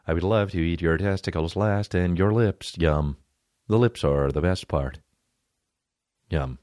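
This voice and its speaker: A man voicing a creepy woman who wants to eat a man, lingering over a slow, low "yum". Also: darkish tone, dry recording, studio quality. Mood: hungry menace.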